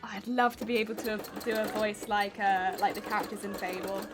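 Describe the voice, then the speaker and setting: A woman's voice: medium pitch, fairly even intonation, a little fast, background noise. A woman streamer chatting casually with viewers while she does machine embroidery, laughing often and poking fun at her own grating voice. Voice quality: grating, honking voice.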